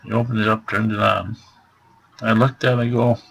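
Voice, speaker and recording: A man's voice: fairly low pitch, flat delivery, fairly quick, creaky, a bit bright, husky, poor audio. A man telling a rambling, exasperated story about a store visit in a casual vlog, packed with fillers. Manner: rambling retelling full of fillers; exasperated complaining. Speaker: vlogger.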